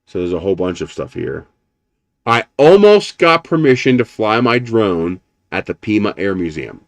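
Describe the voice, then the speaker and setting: A man's voice: lowish voice, big pitch swings, normal speed, dry recording. Rambling, casual male streamer. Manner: rambling storyteller, swears casually; chuckles often while talking. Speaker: live streamer. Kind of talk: casual chat.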